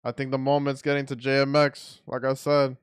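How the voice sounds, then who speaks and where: A watch-party commentator gives excitable, blunt live play-by-play of a boxing match as he watches. His smooth, clear, middle-pitched voice moves fairly quickly, and he often restarts his sentences.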